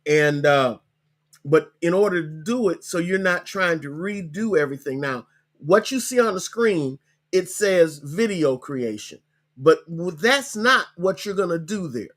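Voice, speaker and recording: A man hosting a live online session, coaching viewers on starting a business, talking casually, repeating links slowly and ending lines with "okay?". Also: on the high side, animated, a bit bright. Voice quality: hiccups. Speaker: podcast host.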